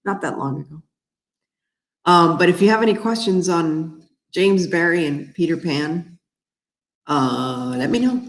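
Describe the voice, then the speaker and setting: A woman's voice: fairly low pitch, expressive, unhurried, roomy sound. A woman from Miami, an author hosting a casual livestream, chatting and rambling while she answers viewer comments. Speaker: author and crafting host.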